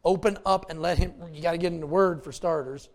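A male pastor preaching a folksy, animated sermon with asides to the congregation. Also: on the high side, fast.

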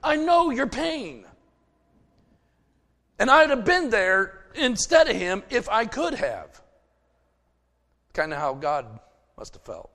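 A man's voice: high-pitched, very animated, measured pace, gravelly, pauses often, bright, forceful tone. A middle-aged man preaching a sermon, emphatic and folksy, telling personal stories to his congregation. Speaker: pastor. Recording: long hall reverb.

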